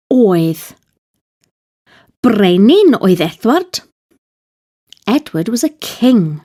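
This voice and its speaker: A woman tutor narrating a scripted grammar lesson, reading out examples slowly and carefully one by one. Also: fairly high pitch, dark tone. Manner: slow, careful, clearly spelled-out examples. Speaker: language tutor.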